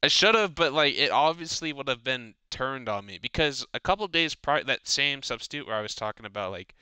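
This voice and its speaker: A teenage boy hosts a casual podcast, launching into a long, rambling, profane rant about school. His medium-pitched male voice is animated and a little fast, bright and forceful, with a clear, resonant tone. The recording is dry.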